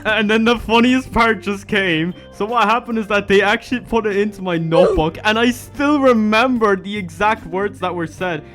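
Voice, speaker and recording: Animated Irish young-man vlogger, ranting school stories; high, lively voice over faint music. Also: moderate pace, few pauses. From Ireland. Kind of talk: storytime vlog.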